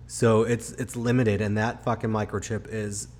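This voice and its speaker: A man with a lowish voice ranting on a podcast, cursing constantly and getting worked up. He sits close to a home mic that runs hot. A faint hiss hangs under the recording. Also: flat delivery, normal speed. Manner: profane, ranting, loud. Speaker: podcast co-host. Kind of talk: casual podcast chat. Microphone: close home podcast mic, hot levels.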